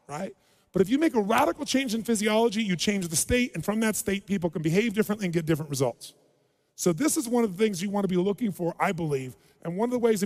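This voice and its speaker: A man's voice: high-pitched, a little mellow. A man giving a live relationship seminar, animatedly quizzing the audience and acting out quotes in a large hall. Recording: long hall reverb.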